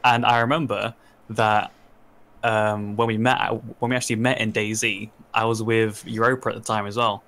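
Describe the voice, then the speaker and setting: A man's voice: lowish voice, level tone, moderate pace, fairly bright tone. A man co-hosting a gaming podcast, reminiscing casually with self-deprecating jokes. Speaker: podcast co-host. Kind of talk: casual chat.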